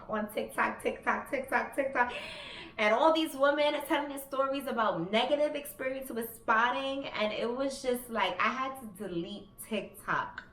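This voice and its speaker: Her medium-pitched voice comes across bright and forceful as this thirtysomething vlogger shares a personal tale. She's frank and conversational, cursing freely, and the room echoes with faint background ambience.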